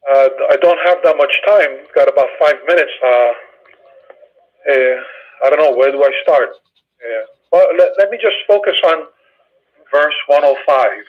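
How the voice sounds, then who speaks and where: A man in a study session explaining Hebrew grammar in a methodical, hesitant way, pausing often with fillers. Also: fairly high pitch, highs cut off. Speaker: study group participant.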